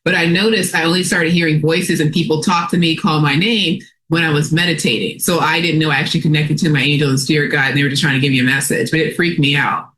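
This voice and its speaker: A woman guest recounts her experiences in an animated, rambling way, with plenty of "like" and "um". Her voice is bright and forward in tone. She talks like she is chatting with friends. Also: deep voice, fast, hardly any pauses, a little hiss or hum. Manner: animated storyteller, lots of fillers. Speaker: psychic guest. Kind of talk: casual interview storytelling.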